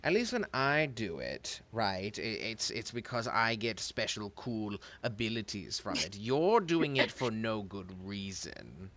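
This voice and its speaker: A man's voice: on the low side, big pitch swings, a little slow, hardly any pauses, fairly bright tone. A man in a casual tabletop role-play session, exasperated and swearing freely as he narrates his own actions.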